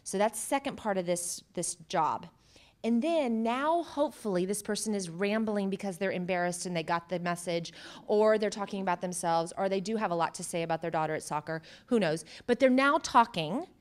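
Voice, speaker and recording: Animated woman therapist giving a workshop talk. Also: a little fast. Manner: animated, acting out quoted remarks with jumps in pitch and loudness; conversational, with direct questions to the audience. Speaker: cancer psychotherapist. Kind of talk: workshop presentation to an audience.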